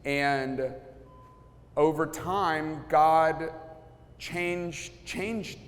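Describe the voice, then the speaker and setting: A pastor speaking casually to a live audience, telling stories and acting out what people said, with many restarts. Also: male voice, fairly high pitch, extremely slow. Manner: storytelling, acts out quotes, many restarts. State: sweating, feels hot. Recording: long hall reverb.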